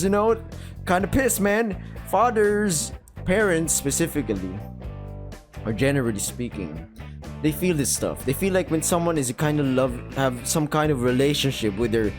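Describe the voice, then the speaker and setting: Excitable, swearing young-sounding gamer man. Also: fairly high pitch. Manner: excitable, swears a lot, breaks into laughter and rapid asides. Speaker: gaming video creator. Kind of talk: reading a visual novel aloud with live reactions.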